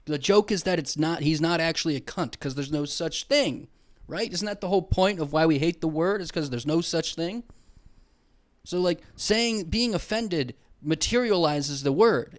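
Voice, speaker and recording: Young guy, podcast comic, a touch high-voiced, swearing, sarcastic rambling rant. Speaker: podcast host. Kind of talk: comedic rant. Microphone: headphones and studio mic.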